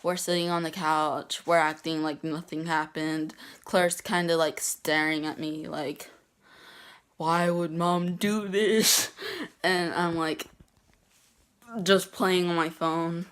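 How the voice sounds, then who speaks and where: A teenage girl recounts a story to her camera in a casual vlog. She talks slowly in a slightly low voice, stopping often to restart her sentences. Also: little pitch movement, fairly bright tone, clear, resonant tone. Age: teens. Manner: halting, many ums and restarts, laughs at herself. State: getting emotional, near tears. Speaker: vlogger.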